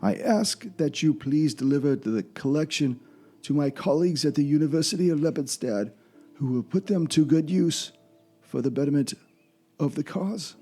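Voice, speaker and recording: A man's voice: on the high side, mellow, pitched above the performer's own voice. A man voicing a formal, grave old male scholar, reading out his will in a tabletop game.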